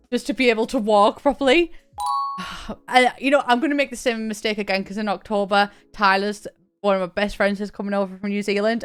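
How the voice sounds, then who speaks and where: A young woman chats casually to her live-stream viewers, reading out names and laughing as she goes. Her voice is smooth and clear at an ordinary pitch, with faint music playing behind her. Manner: chatty, thanks viewers by name, laughs often. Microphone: desk mic, camera on.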